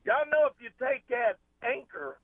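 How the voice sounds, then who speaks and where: A man's voice: very high-pitched, sing-song, moderate pace, no echo. A man calling in to a radio show, talking in a rambling, folksy way. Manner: rambling, folksy, restarts often. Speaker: caller. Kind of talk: casual call-in chat. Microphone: phone. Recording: tinny phone line.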